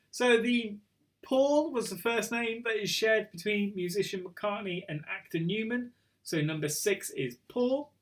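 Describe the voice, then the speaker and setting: Chatty man hosting a quiz. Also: high voice. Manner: chatty, self-mocking, trips over words. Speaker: quiz host. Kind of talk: casual live quiz hosting.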